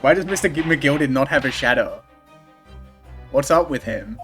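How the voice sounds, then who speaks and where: A man streaming a game, chatting excitedly and laughing often as he reacts. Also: medium pitch, moderate pace, soft background music. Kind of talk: casual gameplay commentary.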